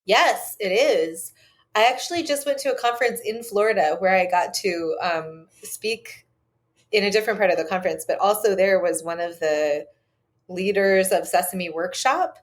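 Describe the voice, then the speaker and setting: A woman's voice: medium pitch, moderate pace. A woman in her forties, a historian guest on a podcast, chatting eagerly with lots of fillers. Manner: enthusiastic, chatty, many "like" and "um". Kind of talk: casual chat.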